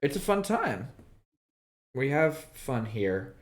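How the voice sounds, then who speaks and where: A man co-hosting a casual game stream, laid-back and laughing often with halting restarts. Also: mid-range voice, very animated. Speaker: streamer, co-host. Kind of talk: casual gameplay chat.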